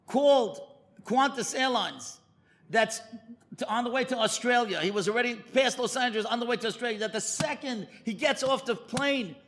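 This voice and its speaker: Male rabbi, high pitched, lively sermon storyteller. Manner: animated storyteller, pitch leaping high for emphasis. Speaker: rabbi giving a lecture.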